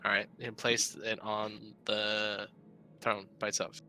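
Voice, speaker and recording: Man with a sharp, tense voice. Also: on the low side, level tone, slow, faint music behind, low-quality recording. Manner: hesitant, full of fillers. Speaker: player. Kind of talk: casual tabletop play.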